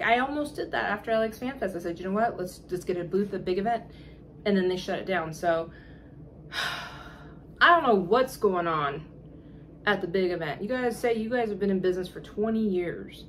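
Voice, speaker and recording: A woman vlogger telling a casual, animated story in exasperated tones, often laughing and acting out the dialogue. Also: mid-range voice, slight background noise.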